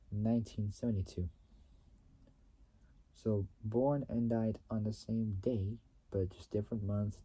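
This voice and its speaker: Man, halting read-aloud, repeats himself, very dark mellow tone, throat clearing. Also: lowish voice. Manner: stumbling reader who repeats and restates phrases. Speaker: channel host reading company history.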